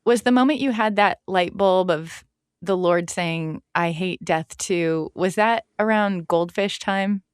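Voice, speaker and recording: A woman hosting an interview, thoughtful, reading passages aloud and asking gentle questions. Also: mid-range voice, measured pace, clean tone, no room sound, clean studio sound. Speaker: podcast host. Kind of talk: interview conversation.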